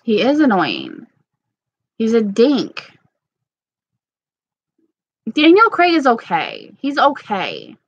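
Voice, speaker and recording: A woman's voice: fairly high pitch, wildly swooping pitch, takes it slowly, long pauses, no room sound, dull audio. A woman casually chatting with her viewers, playful and gossipy, laughing often. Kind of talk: casual chat reading live comments.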